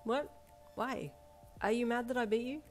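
A woman voicing a brash, playful teenage schoolgirl who talks loudly and cheekily. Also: on the high side, moderate pace, voice pushed up, lightly acted. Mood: exasperated. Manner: loud, cheeky, excitable. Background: soft backing music.

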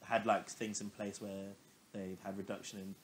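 A man co-hosting a podcast, chatting in a relaxed way and laughing often. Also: fairly low pitch, moderate pace, slight background noise. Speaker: podcast co-host. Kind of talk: casual chat.

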